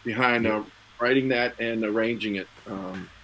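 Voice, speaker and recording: A middle-aged male guest tells stories in casual conversation, becoming emotional and laughing, with many restarts and repeated words. His voice is fairly low and fairly bright, at normal speed with fairly even intonation, on a low-quality recording.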